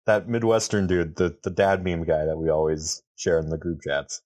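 A man co-hosting a podcast, joking and teasing himself in relaxed banter. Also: low-pitched, normal speed. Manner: self-mocking, joking banter. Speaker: podcast co-host. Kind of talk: casual chat.

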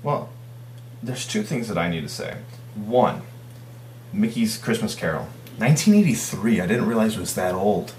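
A very low-voiced man gives blunt opinions in a casual chat. The room rings around him, and a faint hum runs underneath. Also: lively intonation, moderate pace, darkish tone, echoey room.

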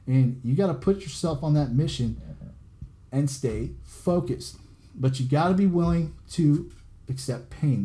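A man's voice: a little high, dark tone. A man hosting a podcast, giving a blunt, profane motivational monologue and repeating himself to drive each point home. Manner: blunt, profane, repetitive and preachy. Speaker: podcast host.

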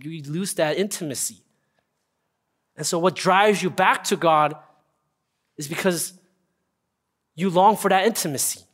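A young man preaching a casual, earnest sermon, often checking in with listeners with a quick "right?". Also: fairly high pitch, fairly bright tone. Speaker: pastor. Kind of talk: conversational sermon.

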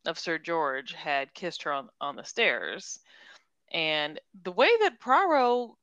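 A woman's voice: deep voice, big pitch swings, slow pace, a bit bright, muffled recording. A young adult woman co-hosting a casual book chat, retelling scenes and giggling. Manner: chatty, retells scenes with quoted voices, giggles. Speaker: podcast co-host.

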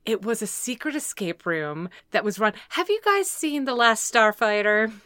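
A woman co-hosting a podcast, chatting casually as an animated, joking storyteller. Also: on the high side, normal speed, no echo, studio quality. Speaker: podcast co-host. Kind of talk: casual chat.

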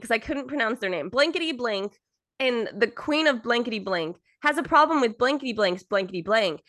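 A young woman co-hosting a podcast in casual chat, excitable and theatrical, acting out quotes as she talks. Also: on the high side, a little fast, dry recording, clean studio sound. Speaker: podcast co-host.

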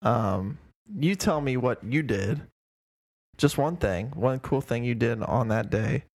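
A man's voice: medium pitch, slow pace, a little mellow, dry recording, studio quality. A young man co-hosting a podcast, bantering and cracking wry jokes in casual chat. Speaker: podcast co-host.

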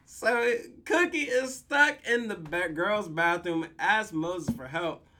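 Animated slangy podcast host. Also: mid-range voice, takes it slowly. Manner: animated, slangy, profane storytelling with laughs. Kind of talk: casual episode recap.

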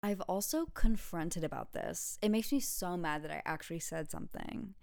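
A woman's voice: on the low side, normal speed, creaky, darkish tone, dry recording, clean studio sound. A woman podcast host and student, ranting casually and with emphatic exasperation about her pet peeves. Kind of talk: casual rant.

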